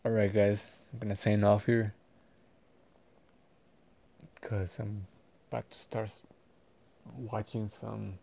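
A man talking casually in a personal vlog, rambling and halting with many fillers and restarts. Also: lowish voice, flat delivery, creaky, highs cut off. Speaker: vlogger.

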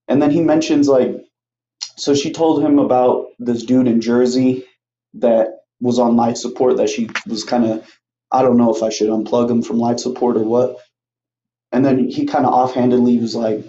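A man's voice: mid-range voice, normal speed, warm tone, a little hiss or hum. A young man casually retelling a movie plot on his podcast, rambling, swearing freely and acting out the characters' lines. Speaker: podcast host. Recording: muffled, roomy home recording.

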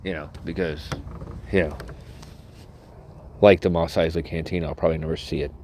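A man's voice: very deep voice, steady tone, moderate pace, mellow, a little hiss or hum. A man hosting a solo podcast who rambles, restarts himself and swears constantly. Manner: profane, rambling, self-interrupting. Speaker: podcast host.

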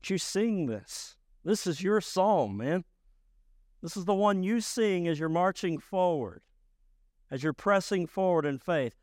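A man preaching a sermon as pastor, emphatic and rising to loud bursts. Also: high voice, expressive, unhurried, dry recording, studio quality.

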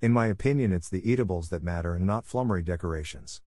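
Stern older woman guardian read by a man, curt, scolding, low voice, dry. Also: fast talker, a little mellow, dry recording, close to an everyday voice. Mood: dismissive.

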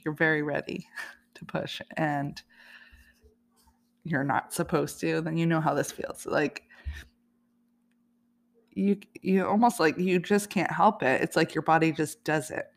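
A woman's voice: sits low, steady tone, a little slow, gravelly, long pauses. A woman hosting a podcast, telling a personal story in a chatty, casual way and laughing often. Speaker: podcast host.

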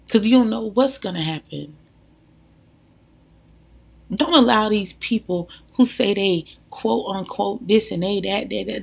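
Mom vlogger: husky, gravelly woman, emphatic, talks right at the audience. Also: medium pitch. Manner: animated, emphatic, addresses listeners directly. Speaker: mother sharing views. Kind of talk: casual monologue to viewers.

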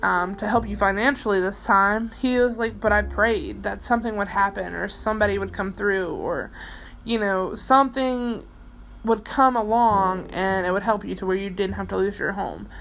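A woman's voice: medium pitch, normal speed, gravelly, slight background noise, rough recording. A young adult woman hosting a podcast, talking through a bad day in a rambling, emotional way with many fillers and restarts, and she swears casually. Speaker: podcast host. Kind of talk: personal late-night monologue.

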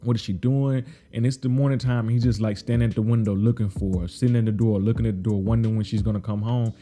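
Fast-talking man with a dark voice. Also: on the low side, fairly even intonation. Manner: rambling, repeats words, acts out characters' lines loudly. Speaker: podcast host recapping a TV episode. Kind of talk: casual recap.

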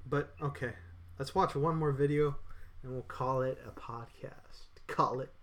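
A man's voice: medium pitch, fairly even intonation, a little slow. A man co-hosting a casual podcast, rambling loosely with frequent restarts. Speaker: podcast co-host. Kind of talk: casual chat.

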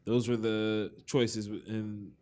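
A man's voice: on the low side, level tone, drawn-out words, a little mellow. A man co-hosting a music podcast in loose, profane, joking casual chat. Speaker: podcast co-host.

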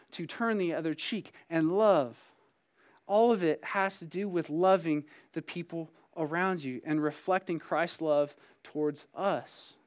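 A man's voice: a little high, darkish tone. A young adult man, a site pastor, preaching a sermon in a casual, storytelling way and acting out bits of dialogue. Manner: conversational storytelling, acts out dialogue.

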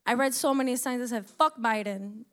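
A woman's voice: fairly high pitch, normal speed, a bit bright. A young woman from the United States giving an impassioned personal monologue, emotional and close to tears, swearing as she speaks.

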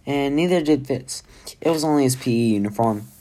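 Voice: mid-range voice, a little fast, natural voice. A kind, fretful healer, as the reader voices him. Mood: reassuring. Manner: gently reassuring, a bit fretful. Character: kind fussy male healer, wild-haired.

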